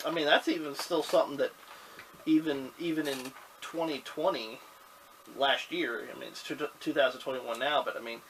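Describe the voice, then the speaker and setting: A woman's voice: low voice, steady tone, moderate pace, slight background noise, poor audio. A woman co-hosting a casual wrestling chat who reads out listener questions and laughs easily. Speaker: podcast co-host.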